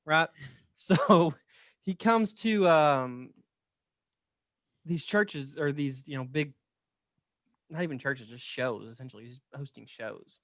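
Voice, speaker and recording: A man's voice: on the high side, slow, pauses often, a bit bright, no echo, clean studio sound. A man casually telling a story on a podcast, chatty and laughing, often checking in with "right?". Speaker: podcast host.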